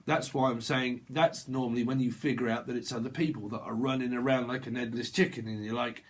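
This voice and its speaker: A man giving a casual tarot reading, rambling through playful word associations and acting out customers in quick, silly voices. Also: medium pitch, steady tone. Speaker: tarot reader.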